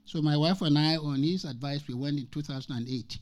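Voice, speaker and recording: In a somewhat dark tone, this Nigerian man in his sixties speaks on the high side, a little fast and with few pauses. Preaching as a guest, he's emphatic, echoes lines of scripture, and recounts personal experiences.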